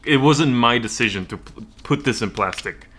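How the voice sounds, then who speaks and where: A young man from Sweden chats on a home stream, rambling and giggling nervously as he goes. His voice has a bright, sharp edge at an average pitch, picked up by a desk mic. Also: moderate pace.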